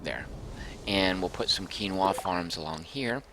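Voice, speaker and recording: A man's voice: low voice, unhurried, background noise. A man casually commenting as he streams a game, thinking aloud and reading out viewer comments.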